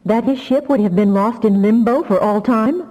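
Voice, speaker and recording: A woman reading an audiobook, voicing a calm and wise older woman who speaks briskly. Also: on the high side, big-room sound, lo-fi sound, pitched above the performer's own voice, natural voice. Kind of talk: audiobook character voice.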